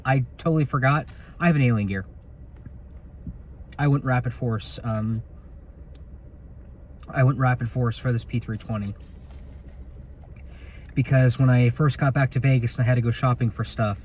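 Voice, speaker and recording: A man with a medium-pitched, slightly mellow voice vlogs into his phone from his patrol car at night. He works security and rambles along casually, joking and throwing in some swearing.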